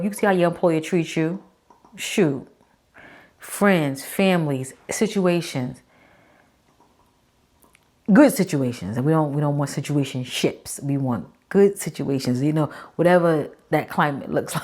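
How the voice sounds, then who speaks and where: A woman in her forties with a low voice, hosting her own show and talking frankly to the listener. She is chatty and emphatic, leaning on words for effect and speaking to the audience as a friend. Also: unhurried, darkish tone. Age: 40s. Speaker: podcast host. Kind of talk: casual talk to camera.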